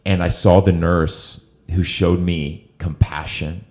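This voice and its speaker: A man with a very deep voice, middle-aged, telling a personal recovery story to his guest. He talks earnestly and gets emotional, and his low voice stays steady under it. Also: slow pace. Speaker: host. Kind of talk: interview storytelling.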